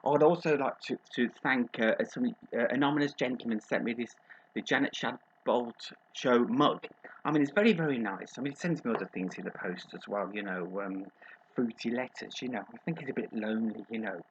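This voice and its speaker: A gossipy middle-aged Brummie agony aunt, as a man puts her on, chatting to her audience in a comic advice show. Her voice sits at an ordinary middle pitch and comes through a dull, lo-fi recording. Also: brisk, husky. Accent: Birmingham. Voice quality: gossipy, innuendo-laden, calls people darling.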